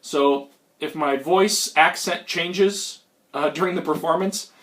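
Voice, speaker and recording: High-voiced man from Minnesota, getting over a cold. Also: slow, fairly bright tone. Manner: rambling, self-mocking, many ums and uhs. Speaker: magician. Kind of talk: comic storytelling magic routine. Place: at home, indoors.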